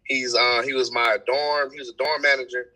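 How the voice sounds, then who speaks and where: A young man telling stories in a casual podcast chat, animated and full of slang. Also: medium pitch, moderate pace, low-quality recording. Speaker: event host and promoter.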